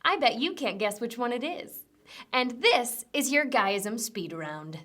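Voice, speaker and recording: A woman's voice: on the high side, lively intonation, a little slow. A young woman hosting a comedic news rundown, delivering sarcastic punchy jokes. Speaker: host.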